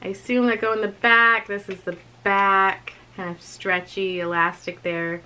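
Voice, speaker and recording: A woman's voice: medium pitch, level tone, unhurried, pushed and bright, rough recording. A young woman chatting casually through a clothing unboxing and try-on, giggling often and talking to herself as she goes. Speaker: vlogger reviewing a clothing box.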